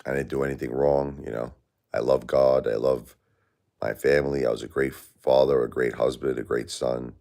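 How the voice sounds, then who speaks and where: A man's voice: extremely low pitch, flat delivery, moderate pace, gravelly, dark tone. A grieving man hosting a live stream, talking in an aggrieved, plaintive, repetitive way and answering chat. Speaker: livestream host.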